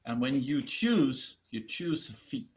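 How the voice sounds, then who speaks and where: A man voicing an authoritative king of the gods who soothes and lays down rules in a firm, steady way in a told myth. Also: medium pitch, slow.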